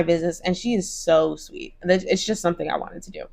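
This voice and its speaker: A woman's voice: lowish voice, fairly even intonation, fast, gravelly, few pauses. A young woman chatting casually to camera in a crochet vlog, gushing, with lots of "like" and "oh my gosh". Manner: bright put-on voices when quoting others. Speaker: crochet vlogger.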